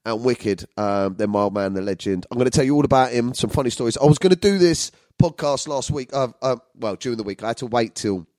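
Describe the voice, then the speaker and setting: A man hosting his own podcast, talking in a crude, loud, jokey way that keeps breaking into laughter and shouts. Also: medium pitch, quick pace, hardly any pauses, no room sound. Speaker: podcast host. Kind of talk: comedic solo podcast chat.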